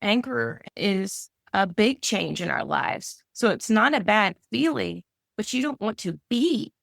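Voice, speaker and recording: A woman's voice: medium pitch, lively intonation, measured pace, gravelly, fairly bright tone, no echo, studio quality. A woman who is a mindset coach, talking in an earnest, chatty, rambling way as a podcast guest. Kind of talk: casual conversation.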